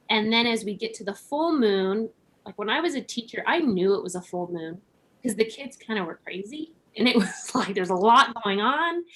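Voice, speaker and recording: A woman guests on a podcast, chatting in a relaxed, reflective way. She laughs a lot and peppers her speech with "like" and "right?" Her pitch sits in the middle range.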